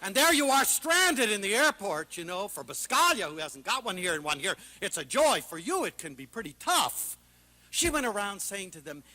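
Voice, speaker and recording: A man lecturing with great passion, his voice bright and ringing, riding a high, lively pitch that leaps and drops. He swings from loud, excited exclamations to soft, hushed asides as he tells his stories. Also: normal speed. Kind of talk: passionate public talk.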